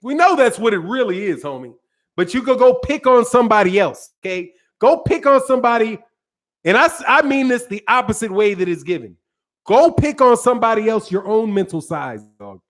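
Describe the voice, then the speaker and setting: A man's voice: sits high, sing-song, brisk, fairly bright tone. A man hosting a boxing channel, giving casual live-stream commentary in slangy, profane talk, laughing often and answering chat comments.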